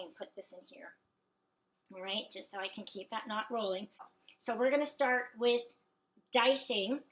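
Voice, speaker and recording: A woman's voice: fairly high pitch, a bit bright, low-quality recording. Chatty woman teaching knife skills. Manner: chatty, folksy teacher checking in with "okay?" and "alrighty". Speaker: cooking instructor. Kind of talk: hands-on cooking demonstration.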